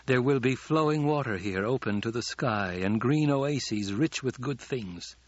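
A man's voice: medium pitch, no room sound, muffled recording, lightly acted. A man voicing a commanding, calculating young male ruler with clipped delivery.

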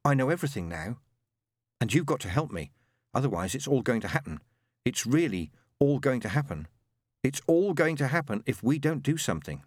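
A man voicing an earnest, stubborn young boy in a storybook reading, raised in pitch. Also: sing-song, a little fast, no echo, clean studio sound. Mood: quiet, urgent. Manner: earnest, rising to pleading shouts.

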